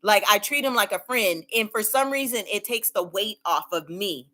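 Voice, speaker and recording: A woman's voice: mid-range voice, lively intonation, normal speed, sharp tone. A woman hosting a casual livestream, reading viewer comments aloud and cheering them on with frequent laughter and repeated phrases. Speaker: livestream host.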